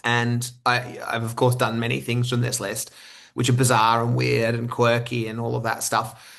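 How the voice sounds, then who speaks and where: A man's voice: mid-range voice, completely flat delivery, normal speed, vocal fry, a bit bright. A man in his thirties with an Australian accent, a podcast guest answering questions and often repeating words as he starts a thought. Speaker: guest speaker. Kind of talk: conversational interview answers.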